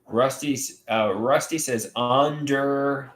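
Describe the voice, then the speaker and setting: A man livestreaming on his own, reading viewer comments aloud and talking in a halting, rambling way with many restarts. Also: mid-range voice, fairly bright tone, reverberant. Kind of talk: casual livestream chat.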